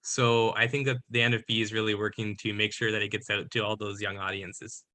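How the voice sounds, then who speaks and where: A man's voice: fairly low pitch, little pitch movement, a little fast, pushed and bright. A man from Labrador, a filmmaker on a video-call panel, talking eagerly and casually with many fillers. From Labrador, Canada.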